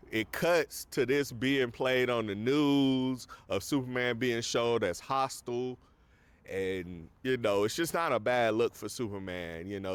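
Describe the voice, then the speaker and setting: A man's voice: fairly low pitch, clear, resonant tone. A man hosting a casual film review, retelling scenes in a rambling way full of fillers.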